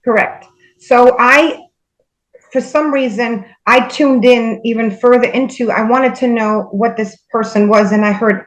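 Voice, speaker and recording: A woman guest recounting spiritual experiences in casual conversation, hesitant with many fillers and pauses. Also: on the high side, steady tone, rough recording.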